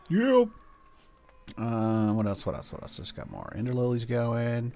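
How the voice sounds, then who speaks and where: Faint music sits behind an older man hosting a gameplay video. His mid-range voice is gravelly and dark-toned, at normal speed, and his let's-play commentary is a relaxed, rambling chat, broken up by cooing at his pets.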